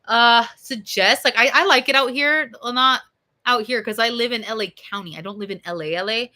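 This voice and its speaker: Bright-voiced young woman rambling to chat. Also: on the high side, fairly quick. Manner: rambling, swears a lot, lots of fillers. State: slightly hoarse, recovering from being sick. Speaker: streamer answering chat.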